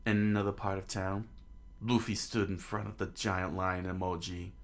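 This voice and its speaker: A man casually reading a story aloud, halting often to restart lines and getting excited in the action. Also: sits low. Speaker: reader.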